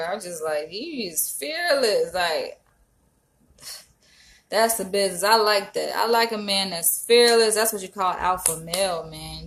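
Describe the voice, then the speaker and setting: Woman vlogger, animated and emphatic, casual commentary. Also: lowish voice. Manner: animated, emphatic, frequent profanity.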